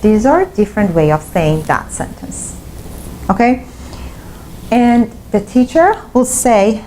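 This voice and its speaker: A woman's voice: medium pitch, animated, takes it slowly, warm tone, a little hiss or hum, rough recording. Woman teaching English step by step. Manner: explains step by step, repeating examples. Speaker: English teacher and language school founder. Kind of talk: online English lesson.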